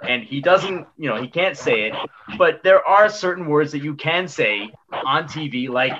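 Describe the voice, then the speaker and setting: A man's voice: a little high, animated, moderate pace, fairly bright tone, highs cut off, a little hiss or hum. A man co-hosting a podcast, ranting emphatically about something that annoys him. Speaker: co-host. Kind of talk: casual podcast chat.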